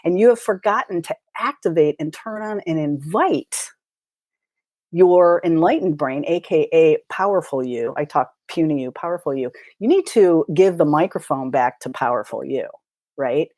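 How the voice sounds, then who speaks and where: A middle-aged woman with a low voice talks in a brash, chatty way, throwing in casual swearing. The sound is dry and close, with no room around her. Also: moderate pace, mellow, dry recording. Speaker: guest, mindset coach. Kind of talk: casual podcast interview.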